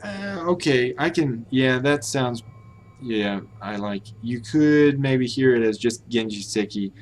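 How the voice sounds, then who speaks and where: A man's voice: medium pitch, a little mellow, a little hiss or hum. American man musing aloud on stream. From United States. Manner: musing aloud, hesitant, self-correcting. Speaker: language-learning streamer. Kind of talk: casual live-stream commentary.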